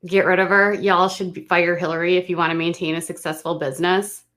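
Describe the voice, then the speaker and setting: A woman's voice: lowish voice, flat delivery, brisk, a bit bright. Snarky exasperated woman commentator. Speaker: livestream commentator. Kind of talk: casual commentary.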